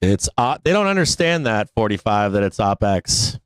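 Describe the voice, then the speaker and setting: A man's voice: on the low side, big pitch swings, moderate pace, clean tone, dry recording, low-quality recording. A man hosting a live stock market show, ranting in exasperation with frequent laughter and cursing. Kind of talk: live-stream rant.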